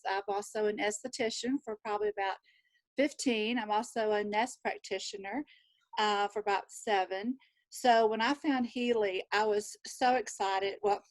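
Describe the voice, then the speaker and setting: A woman in her sixties with a Southern US drawl, chatting lively about her life as a panel guest on a video call. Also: mid-range voice, no room sound. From Texas. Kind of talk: casual storytelling on a video call.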